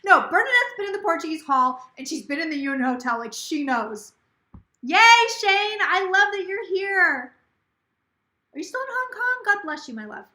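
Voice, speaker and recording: Tipsy, chatty woman, bright voice. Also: extremely high pitch, lively intonation, moderate pace, reverberant. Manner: rambling, swearing, gossipy. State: tipsy, slightly slurring. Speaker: psychic livestream host. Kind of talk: casual livestream chat.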